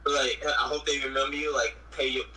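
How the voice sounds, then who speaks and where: A man's voice: mid-range voice, level tone, brisk, pushed and bright, low-quality recording. A man co-hosting a podcast, bantering and teasing in casual chat. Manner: joking banter, playful teasing. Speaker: podcast co-host.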